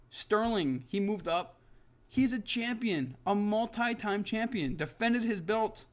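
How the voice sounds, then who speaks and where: A young man vents in an angry, exasperated rant, swearing at almost every turn. His voice sits a little high for a man, and he presses each point hard as if arguing with the listener. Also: lively intonation, measured pace. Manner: swears constantly, exasperated and emphatic. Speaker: MMA commentary vlogger. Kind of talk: heated rant to camera.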